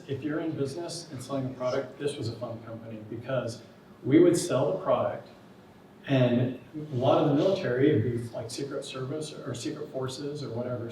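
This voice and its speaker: A man's voice: medium pitch, slight background noise. Man telling stories in an echoey hall. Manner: relaxed, anecdotal, with many fillers. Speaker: guest lecturer. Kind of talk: storytelling lecture. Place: large lecture hall. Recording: echoey lecture hall, distant mic.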